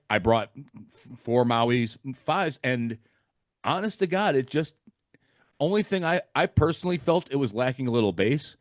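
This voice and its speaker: A man in a casual DJ roundtable, telling stories in a relaxed, candid way. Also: mid-range voice, no echo. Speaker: DJ guest. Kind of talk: casual online roundtable chat.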